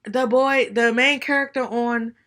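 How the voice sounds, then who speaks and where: A woman's voice: fairly high pitch, steady tone, unhurried, a bit bright. A young woman co-hosting a casual podcast, chatty and slangy, with rambling side notes. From DMV area, US. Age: young adult. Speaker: podcast co-host. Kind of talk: casual chat.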